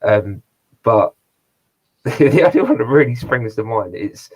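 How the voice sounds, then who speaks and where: A man's voice: medium pitch, big pitch swings, slow, a little mellow, breathy edge, low-quality recording. A man co-hosting a casual movie review podcast, rambling along with many fillers and restarts. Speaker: podcast co-host.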